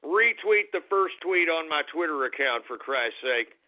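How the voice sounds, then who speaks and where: A man hosting a talk radio show who rants in a mocking, profane way as he reads out listener shout-outs. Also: on the high side, lively intonation, normal speed. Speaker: radio host. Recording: tinny phone-line radio sound.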